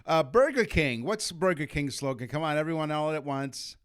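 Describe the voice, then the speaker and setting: A man's voice: a little high, animated, normal speed, fairly bright tone, clear, resonant tone. A man co-hosting a podcast, reading out trivia in a jokey way and slipping in puns. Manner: jokey, punning, reads facts aloud. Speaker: podcast co-host. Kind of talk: casual chat.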